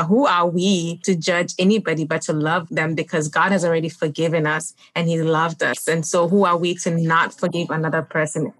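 A woman podcast host with a low voice speaks in an earnest, reflective way. She is recorded close up with no room echo. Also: a bit bright. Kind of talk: casual faith conversation.

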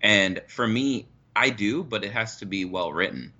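Man, very low voice, bright tone, easygoing podcast co-host. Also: normal speed, dull audio. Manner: relaxed, explains with examples and "you know". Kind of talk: casual chat.

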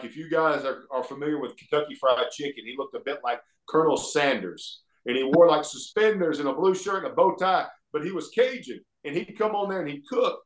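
A middle-aged man with an Alabama Southern accent, a guest telling stories in a folksy, animated way. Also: fairly high pitch. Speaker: guest, former pro wrestler. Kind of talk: casual storytelling interview. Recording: echoey room.

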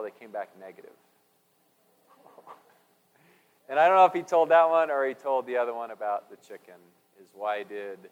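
A man giving a sermon, telling jokes and stories in a folksy way with fillers and restarts. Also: on the low side. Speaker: preacher. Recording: long reverb of a large hall.

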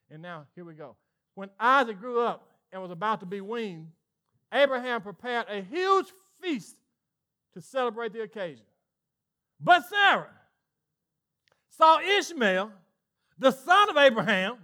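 A male pastor with a Southern US accent, preaching an animated sermon and acting out voices in call-and-response style. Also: very high-pitched. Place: church sanctuary with congregation.

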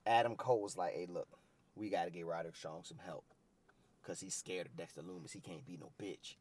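A man's voice: low voice, steady tone, brisk, a little mellow. A man in casual podcast chat, recapping events loosely and profanely and acting out quotes in voices. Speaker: co-host recapping wrestling.

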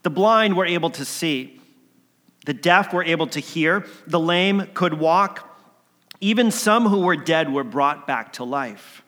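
A man telling a story as a sermon, swinging between emphatic lines and hushed ones. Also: on the high side, expressive, a little slow. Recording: long hall reverb.

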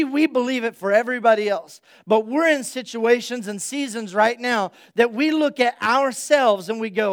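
A male pastor giving an energetic, conversational sermon and speaking straight to his congregation. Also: very high-pitched.

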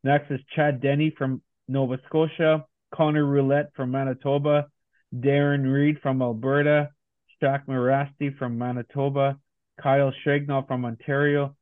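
A man's voice: medium pitch, no room sound. A man co-hosting a casual podcast, reading through a long list of guest names. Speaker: podcast co-host. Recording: tinny phone-like sound.

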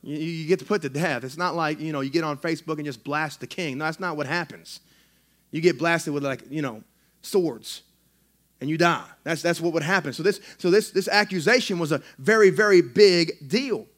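Male pastor, sermon in church; excitable, chatty delivery, full of restarts, slightly higher pitch. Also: fairly quick. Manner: excitable, conversational preaching with frequent restarts. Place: church sanctuary.

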